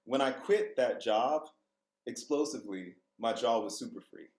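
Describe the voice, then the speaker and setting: A man's voice: medium pitch, expressive, normal speed, a little mellow, echoey room, poor audio. A man, a vocal coach, telling candid personal stories as a podcast guest, laughing and swearing freely. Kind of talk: casual storytelling interview.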